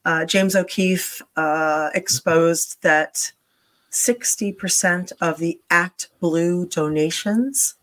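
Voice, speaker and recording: A woman's voice: fairly low pitch, fairly even intonation, slow pace, fairly bright tone. A woman hosting a talk show, chatting casually with many fillers and restarts. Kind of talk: casual chat.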